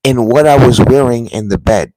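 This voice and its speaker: A man earnestly telling viewers about a vivid dream in a casual, halting way, dropping to a hush at the tense parts. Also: medium pitch, no echo. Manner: earnest, halting, drops to a hushed voice at tense moments.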